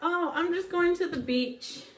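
A woman's voice: extremely high pitch, a little slow, roomy sound, recorded from a distance, voice pushed up. A woman putting on a breezy, offhand voice of a casual beachgoer in a mocking aside.

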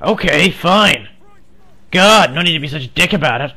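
A man's voice: on the high side, animated, normal speed, sharp tone. A man trolling other players over game voice chat in a mock-earnest, playfully provocative way.

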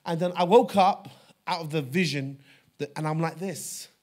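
A man preaching a sermon, telling a personal story with fervor, dropping to a hush and then rising loud. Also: fairly high pitch, moderate pace. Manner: fervent storytelling, swings from hushed to loud. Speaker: pastor.

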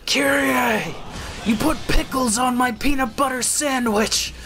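A man voicing a young male hero who is always melodramatic and yells everything, in a parody of a game. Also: extremely high pitch, unhurried, music in the background, pitched above the performer's own voice. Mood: melodramatic yelling. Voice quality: shouting, over-the-top.

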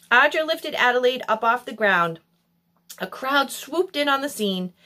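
A woman reads a children's novel aloud as a storyteller. Her voice sits fairly high and rises and falls in lively, animated swings. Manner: expressive, animated. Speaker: audiobook reader. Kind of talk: storybook narration.

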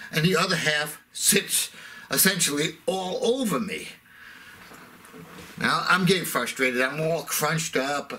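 A man's voice: fairly high pitch, bright, forceful tone, a little hiss or hum. A middle-aged man telling a sarcastic, self-mocking comic rant. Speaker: comedic ranter.

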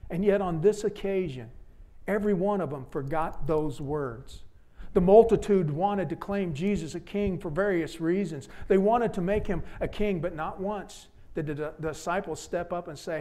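A man preaching a sermon with a fairly high voice. His delivery is dramatic, dropping to hushed, earnest appeals and rising to loud exclamations. He speaks from a church pulpit. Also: animated, moderate pace. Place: church sanctuary.

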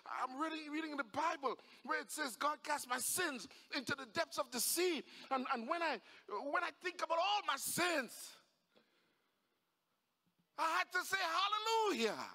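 A preacher playing an excitable old father. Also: very high voice, moderate pace, few pauses, voice pushed up. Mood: excited. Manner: stammering, exclaiming. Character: elderly father, excitable and joyful. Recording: echoey church hall.

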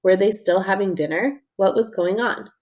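A woman's voice: medium pitch, normal speed, darkish tone. A woman narrating an audiobook in the first person as a young boy, plain and earnest.

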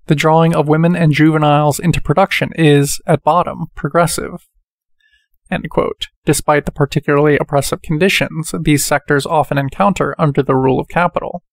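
A man reading a book aloud in a measured way, speaking the quotation marks as he goes. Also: a little high, gravelly, no room sound, clean studio sound. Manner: measured, reads quotations with quote marks spoken. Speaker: audiobook reader.

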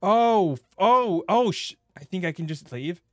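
Young guy streaming a game, jokey and crude, yelps a lot, kinda high voice, super dry close sound. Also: measured pace, dry recording. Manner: excitable, joking, crude, bursts into loud yelps. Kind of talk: gaming playthrough commentary.

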